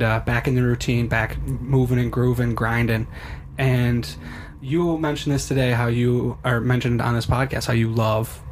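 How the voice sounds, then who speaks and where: A man's voice: medium pitch, a little hiss or hum. A young man co-hosting a podcast, talking in a casual, rambling and upbeat way that often breaks off mid-word. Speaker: podcast co-host. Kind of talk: casual chat.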